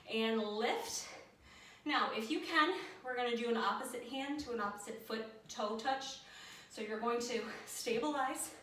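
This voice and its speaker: A woman's voice: on the high side, a bit bright, a little hiss or hum. A woman fitness instructor leading a workout, out of breath, counting down and cueing moves with energy. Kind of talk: workout coaching. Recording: echoey room, mic at a distance.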